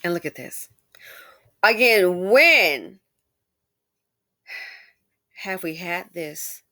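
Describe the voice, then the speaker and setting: A commentary channel host with a lowish voice speaks extremely slowly in a casual monologue. She's animated, addressing her viewers directly with exclamations and rambling asides.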